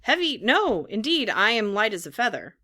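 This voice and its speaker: A woman voicing a large, calm, helpful male pigeon who talks in a matter-of-fact way. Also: fairly high pitch, normal speed.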